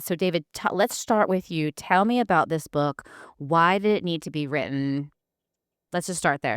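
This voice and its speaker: Low-voiced enthusiastic woman host. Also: smooth, no echo, clean studio sound. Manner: warm, enthusiastic, laughs often. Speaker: podcast host. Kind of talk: casual interview chat.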